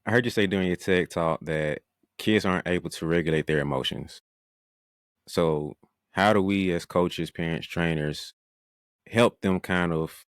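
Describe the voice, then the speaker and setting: A man hosts a podcast interview and asks measured, thoughtful questions. His voice is very low. The sound is dry, with no room echo. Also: smooth. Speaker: podcast host.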